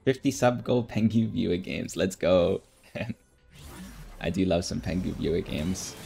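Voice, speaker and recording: A man streaming a strategy game, thinking aloud in casual commentary with relaxed, mumbled asides. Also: deep voice, slow pace, gravelly, soft background music.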